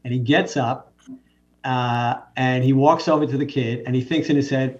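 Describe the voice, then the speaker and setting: A man's voice: medium pitch, steady tone, normal speed, far from the mic. A man, a physician guest, telling anecdotes in a casual conversation, often breaking off and restarting his sentences. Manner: anecdotal, with frequent self-interruptions. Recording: dull, muffled lo-fi sound.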